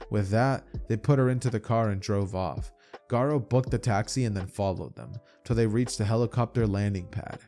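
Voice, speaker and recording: A man's voice: on the low side, steady tone, normal speed, mellow, faint music behind. A man telling an imagined fan story in a loose, run-on way, often restarting his phrases. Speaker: narrator. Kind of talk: casual fan-fiction storytelling.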